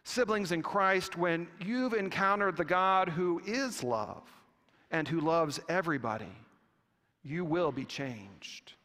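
A man preaching a sermon with a slow, deliberate delivery and long pauses. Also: a little high, expressive, pushed and bright. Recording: long reverb of a church hall.

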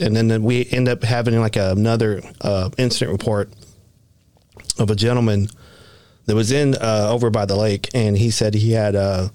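A man tells a long story in a casual, meandering way, often stopping and restarting his sentences. His voice sits on the low side. The recording is dry and close. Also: darkish tone, no echo. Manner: rambling, many restarts and fillers. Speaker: Bigfoot researcher guest.

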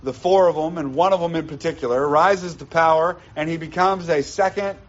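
Brief: male pastor, fairly high voice, emphatic sermon delivery, dull lo-fi recording. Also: a little fast. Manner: emphatic teaching, repeats key lines. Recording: dull lo-fi sound.

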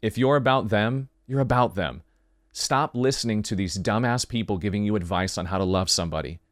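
A man's voice: on the low side, a little fast, no echo, studio quality. A man hosting a podcast, delivering a heartfelt monologue in an earnest, emphatic way, full of rhetorical questions. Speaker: podcast host.

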